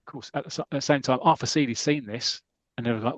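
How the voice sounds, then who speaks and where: A man's voice: mid-range voice, fast, no room sound, muffled recording. A man co-hosting a podcast, casually retelling an old comic strip story in a chatty way. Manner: chatty, restarts, does character voices. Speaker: podcast co-host.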